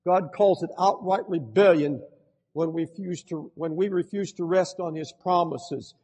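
An older man preaching a sermon as pastor, with fervent swings between shouting and hushed tones. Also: on the high side, normal speed, long reverb tail.

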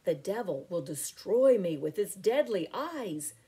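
A woman's voice: medium pitch, very animated, unhurried, warm tone, husky, full character voice. A woman voicing a panicky male carnivorous dinosaur villain in a read-aloud storybook, frantic and blustering.

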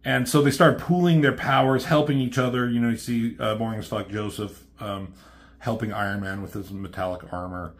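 A man's voice: lowish voice, steady tone, brisk. Profane, offhand man recapping a comic. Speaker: comic book reviewer. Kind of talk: casual comic recap with quoted voices.

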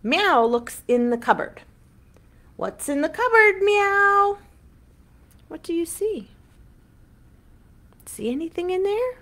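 A woman hosting an online children's storytime as a librarian, reading a picture book aloud in an animated, sing-song way for young children. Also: very high-pitched, takes it slowly, long pauses.

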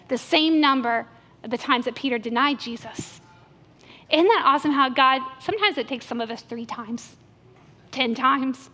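A woman pastor preaching a sermon, telling stories in an animated way and acting out inner voices. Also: sits high. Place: church sanctuary. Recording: church hall reverb with soft music.

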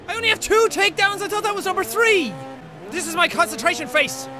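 A young man giving loud, excitable gameplay commentary with frequent shouting outbursts. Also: very high-pitched, moderate pace, noisy background. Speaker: gaming video host. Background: game music.

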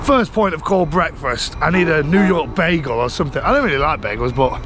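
A man's voice: fairly high pitch, fairly quick. A British man vlogging outdoors on a busy city street, chatty and laughing as he rambles to his handheld camera. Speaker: travel vlogger. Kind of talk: casual vlog narration. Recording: loud street traffic behind.

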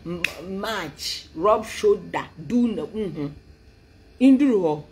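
A woman's voice: medium pitch, lively intonation, takes it slowly, background noise. A woman delivering a taunting political rant, with sing-song mockery and laughter, switching between English and a local language. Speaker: political commentator.

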